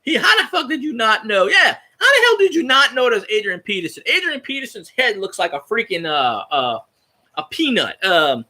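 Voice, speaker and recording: Animated, bright-voiced man in casual sports chat. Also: sits high. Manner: rambling, profane, animated fan talk. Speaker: podcast host.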